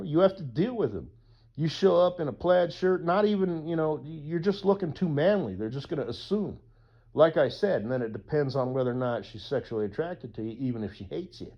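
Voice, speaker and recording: A man's voice: fairly high pitch, expressive, moderate pace, warm tone. A man talking in a casual rambling monologue as a YouTuber, profane and full of whooping asides, on slightly dull lo-fi audio.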